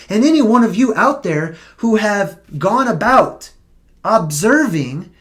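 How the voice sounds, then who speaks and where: A vlogger talking casually on a live stream, emphatic and argumentative, with rhetorical questions and a pace that slows on key points. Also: medium pitch.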